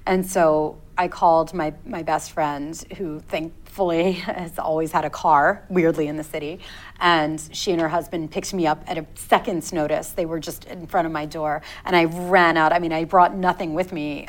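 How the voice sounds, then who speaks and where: A woman in her thirties speaks as an interview guest. Her voice sits a little low, and she tells a personal story haltingly, pausing and restarting as she reflects. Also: steady tone, low-quality recording.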